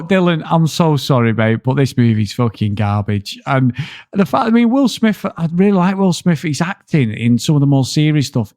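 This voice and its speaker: A man's voice: medium pitch, a little mellow, no room sound. Brief: man, co-host on a film podcast, mid-range voice, blunt and ranting with lots of swearing, dry close sound. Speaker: podcast co-host reviewing films. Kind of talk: casual film review chat.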